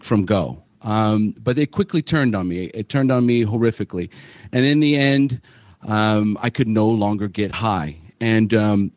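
A man's voice: lowish voice, a little mellow, dry recording, clean studio sound. A man hosting a podcast panel, telling his own story of getting sober in a candid, blunt way, swearing freely and restarting his sentences. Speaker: podcast host.

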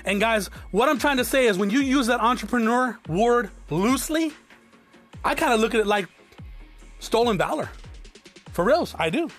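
Speaking straight to the camera, this entrepreneur vlogger from South Tucson, Arizona, a man in his forties, gives his viewers a motivational talk that's blunt, profane and preachy, addressing them as "guys." He has a very high-pitched, slightly bright voice and an animated delivery at normal speed, over soft background music.

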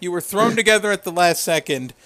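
A man's voice: high-pitched, expressive, a little fast, bright, forceful tone. Laid-back man retelling wrestling bits. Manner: laughing, storytelling, crude humor. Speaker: podcast co-host. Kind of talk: casual wrestling recap chat.

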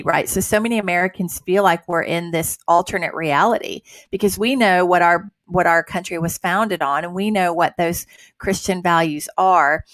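A woman's voice: lowish voice, fairly bright tone, no echo. A woman hosting a casual Christian talk, earnest and conversational with many fillers. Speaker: host.

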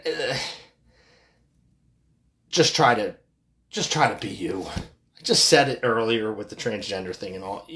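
A man's voice: medium pitch, a bit bright. A middle-aged man hosting a solo podcast, ranting in a profane, rambling way with frequent restarts. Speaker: podcast host.

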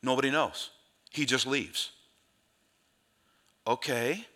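A male pastor telling a Bible story in a sermon, in an animated way, with quick asides where he corrects himself. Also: mid-range voice.

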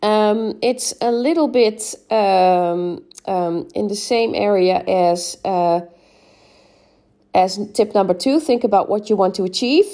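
A woman's voice: medium pitch, slow pace, warm tone. A woman hosting a solo podcast, giving encouraging speaking tips with frequent "um"s and "right?" checks. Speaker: podcast host and English speaking coach. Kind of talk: solo podcast advice talk.

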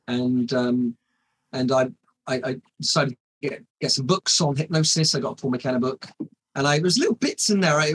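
A man's voice: mid-range voice, fairly bright tone, breathy edge, low-quality recording. A man in his forties, a hypnotist, telling his story in a casual interview with many restarts and fillers. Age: 40s. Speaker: hypnotist guest.

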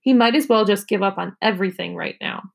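A woman, a teacher, reading a children's novel aloud in an expressive storytelling manner. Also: mid-range voice, fast, vocal fry.

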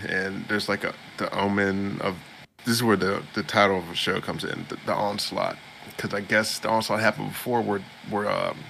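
A man's voice: lowish voice, vocal fry, a bit bright, slight background noise. A man co-hosting a podcast, casually recapping a show episode in a rambling way and slipping into quoted voices. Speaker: podcast co-host.

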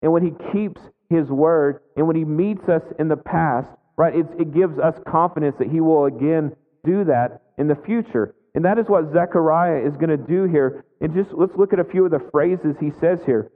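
A man in his thirties preaching a sermon in a relaxed, conversational way, often checking in with "right?" as he tells a family story. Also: a little high, moderate pace, few pauses. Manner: conversational, frequent "right?" asides. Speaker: pastor. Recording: phone-like audio with long hall reverb.

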